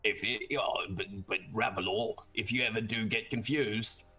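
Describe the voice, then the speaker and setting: A man's voice: fairly low pitch, steady tone, normal speed, sharp tone, husky, soft background music. A man playing a tabletop game, joking around and speaking in character. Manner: playful, jokey. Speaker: player.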